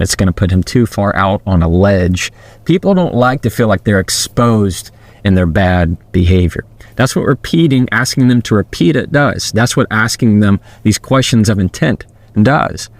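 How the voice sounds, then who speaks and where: A man's voice: lowish voice, no echo. A man, hosting a podcast and giving earnest, direct advice into a podcast microphone. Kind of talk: casual advice talk.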